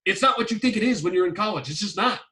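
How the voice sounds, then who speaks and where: Profane ranting man, high lively voice. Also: fast, far from the mic. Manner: profane, emphatic, repetitive ranting. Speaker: podcast host giving relationship advice. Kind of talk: blunt advice-show rant.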